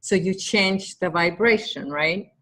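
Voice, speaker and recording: A woman interviewing, speaking thoughtfully and haltingly with fillers. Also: fairly low pitch, bright, forceful tone. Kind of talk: casual interview chat.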